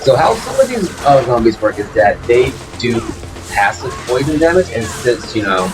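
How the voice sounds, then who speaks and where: Lively man narrating his gameplay. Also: medium pitch, normal speed, low-quality recording. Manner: rambling, lots of fillers and restarts. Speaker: let's play host. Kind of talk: casual gameplay commentary. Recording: game music playing behind. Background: game music.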